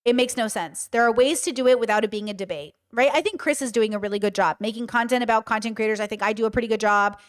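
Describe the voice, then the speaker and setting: A woman livestreaming, telling stories and giving commentary in an emphatic, animated and blunt way, with frequent swearing. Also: on the high side, quick pace, hardly any pauses. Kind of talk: casual livestream storytelling and commentary.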